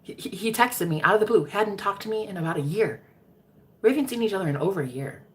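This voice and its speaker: A woman's voice: mid-range voice, animated, quick pace, a little hiss or hum. A woman in a casual storytime chat with her viewers. She swears freely, calls them girl, and drops into whispers for emphasis. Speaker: love reading content creator.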